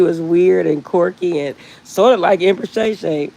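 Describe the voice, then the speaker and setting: A middle-aged woman chatting casually with live viewers on her phone, rambling warmly and laughing often. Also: on the low side, lively intonation, unhurried, gravelly, hardly any pauses, poor audio. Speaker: livestream host.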